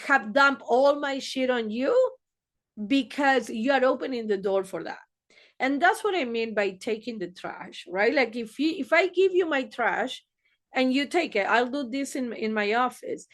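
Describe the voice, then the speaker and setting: Woman therapist, blunt and profane, unhurried, slightly high voice. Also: expressive. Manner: blunt, swears freely, acts out quoted exchanges. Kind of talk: casual advice monologue.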